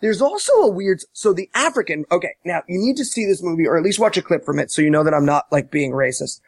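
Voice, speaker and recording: A man casually recapping a movie on a podcast, animated and profane, mocking as he tells it. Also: sits high, fast talker, husky, no echo. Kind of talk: casual chat.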